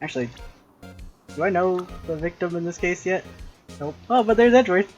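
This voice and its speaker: A man's voice: sits high, lively intonation, fairly quick, muffled recording, faint music behind. Giggly young streamer guy. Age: 20s. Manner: giggly, jokey, reading game lines aloud. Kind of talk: casual let's-play chat.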